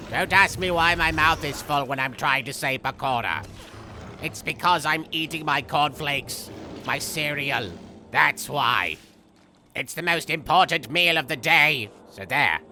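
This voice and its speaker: A man voicing a goofy, unhinged young male villain as he comments on a game, rambling through silly jokes with sudden shrill outbursts. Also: sharp tone, slight background noise. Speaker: gameplay commentator. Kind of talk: comedic let's-play commentary.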